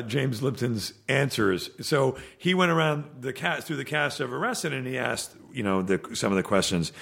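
A man with a gravelly, fry-laden voice talks loosely as a podcast guest. He stops and restarts often, filling the gaps with fillers. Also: medium pitch, a bit bright. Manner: halting, many restarts and fillers. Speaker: actor guest. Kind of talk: casual podcast chat.

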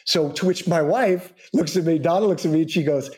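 Animated man telling stories. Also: a little fast. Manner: animated storyteller, acts out quoted voices in high pitch. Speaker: soap opera actor guest. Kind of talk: casual anecdote telling.

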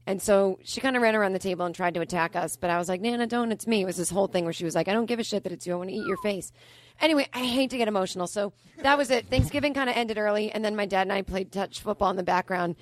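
A woman comedian guest on a podcast, telling a dark, absurd story in a deadpan, run-on way. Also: mid-range voice, rapid-fire. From Boston area.

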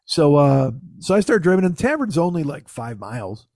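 A man's voice: on the high side, big pitch swings, brisk, a little mellow, dry recording, studio quality. A man telling a casual, profane story in his own voice. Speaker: podcast host telling a story.

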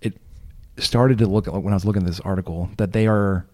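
Low, dark-voiced male podcast host. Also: fairly even intonation, fairly quick. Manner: joking, rambling with restarts. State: losing his voice. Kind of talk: casual chat.

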